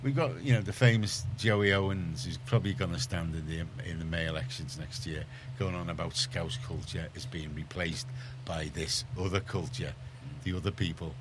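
A man's voice: sits low, steady tone, normal speed, few pauses, noisy background. A middle-aged man, chatting on a radio panel in a rambling, storytelling way full of restarts. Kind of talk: casual radio discussion.

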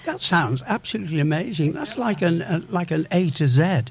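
A man's voice: a little high, big pitch swings, a little fast. A man interviewing a guest, enthusiastic and prompting with questions.

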